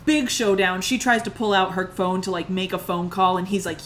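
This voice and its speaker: A young woman hosting a comedic movie recap, animated and incredulous, laughing often as she tells the story. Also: mid-range voice, a little fast, few pauses, a little hiss or hum. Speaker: video essay host.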